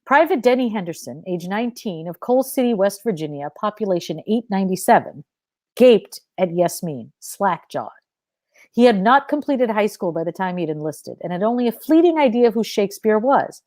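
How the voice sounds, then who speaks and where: A woman's voice: medium pitch, big pitch swings, moderate pace, mellow, no room sound. Woman reading her fiction aloud, dry sound.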